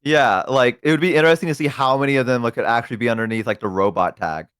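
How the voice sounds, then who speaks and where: A man's voice: mid-range voice, quick pace, a bit bright, smooth, dry recording, studio quality. A man in his twenties, a guest streamer, chatting casually in a laid-back, self-deprecating, rambling way. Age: 20s. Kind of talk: casual chat on a livestream.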